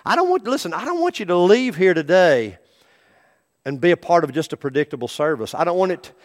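A middle-aged man preaching a sermon as pastor, animated, acting out the people in his stories. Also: sits high, a little fast. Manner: animated preaching, acts out quoted voices.

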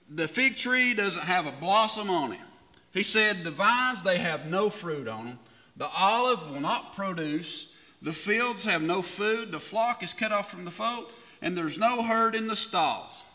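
A man preaching a sermon as pastor, reading scripture slowly and building emphasis. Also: sits high, bright, forceful tone, big-room sound. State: coughing, slightly hoarse.

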